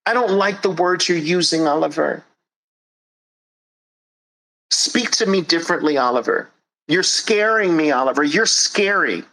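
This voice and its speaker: A man putting on the voice of a soft, easily scared adult who whines and pleads. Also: a little high, animated, a little slow, pauses often, voice pushed up, exaggerated voice, poor audio. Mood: whiny pleading. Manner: whining, pleading.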